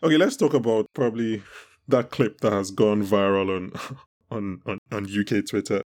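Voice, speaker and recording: A man's voice: on the low side, moderate pace, a little mellow. A man hosting a podcast, chatting casually and animatedly, laughing often and restarting his sentences. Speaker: podcast host. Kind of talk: casual chat.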